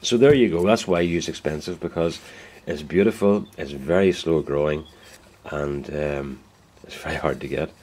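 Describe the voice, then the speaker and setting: Low-voiced man, rambling and folksy. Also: moderate pace, a little mellow. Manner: rambling, folksy, self-correcting. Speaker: woodturner. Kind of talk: casual workshop vlog. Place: indoor woodworking shed.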